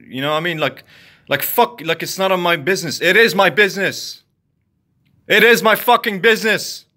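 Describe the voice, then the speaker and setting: A man's voice: a little high, bright, forceful tone. A young man ranting angrily to camera in a heated, profane, repetitive way. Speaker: vlogger. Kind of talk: angry rant to camera.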